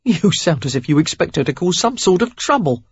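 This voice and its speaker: A man's voice: a little high, sing-song, brisk, slightly rough, no echo, heavily acted. A narrator voicing a carefree, gossipy young man in an audiobook who speaks in a breezy, chatty way. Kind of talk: audiobook character voice. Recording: dull lo-fi dry recording.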